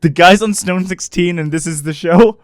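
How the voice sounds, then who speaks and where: A man's voice: high voice, normal speed, clear, resonant tone, dry recording. A man co-hosting a casual podcast, talking animatedly with frequent laughter and emphatic, preachy jokes. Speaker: podcast co-host.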